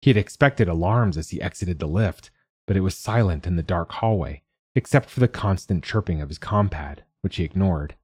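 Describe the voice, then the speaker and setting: Low husky male story narrator. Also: normal speed, a little mellow. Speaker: podcast narrator. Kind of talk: scripted narration of a short story.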